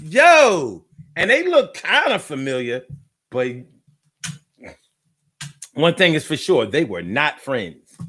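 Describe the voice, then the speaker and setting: A man chatting casually on a live stream, telling stories in an animated, slangy way, repeating his phrases and reading out viewer comments. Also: fairly high pitch, takes it slowly, long pauses, breathy edge.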